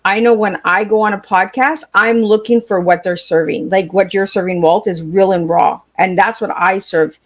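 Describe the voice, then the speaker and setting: A woman's voice: mid-range voice, fairly even intonation, moderate pace, few pauses. Blunt, straight-talking woman guest. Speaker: podcast guest. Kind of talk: casual chat.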